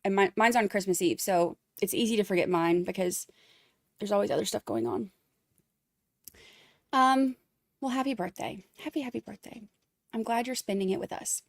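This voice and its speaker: A woman's voice: mid-range voice, moderate pace, gravelly, long pauses, no echo, clean studio sound. A woman hosting a casual livestream, chatting with viewers and reading their messages aloud with plenty of fillers. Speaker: livestream host.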